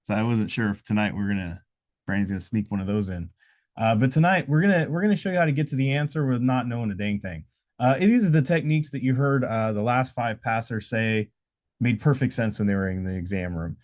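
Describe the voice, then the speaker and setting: A man with a mid-range, darkish voice hosts a casual live podcast indoors with noise around, speaking briskly. His talk comes in loose, rambling motivational stretches, full of "uh"s and restarts.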